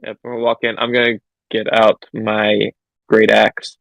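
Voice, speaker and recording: A man's voice: fairly low pitch, monotone, unhurried, vocal fry, a bit bright, no echo, muffled recording. A man playing a tabletop game, hesitant and stammering, with the odd swear. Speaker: player. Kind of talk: casual tabletop play.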